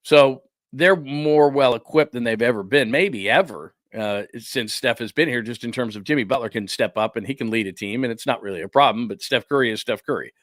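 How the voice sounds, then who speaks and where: Animated male sports talk host, dry sound. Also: mid-range voice, brisk, hardly any pauses, no echo. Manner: animated, indignant ranting with laughs. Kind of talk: casual talk show commentary. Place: studio.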